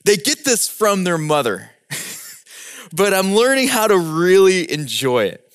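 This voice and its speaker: A man with a high voice gives a prepared talk. He acts out scenes as he tells a story and poses rhetorical questions. The recording is dry and close. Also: slow pace, clear, resonant tone, no room sound. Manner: animated storyteller acting out scenes. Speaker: speaker giving a prepared talk.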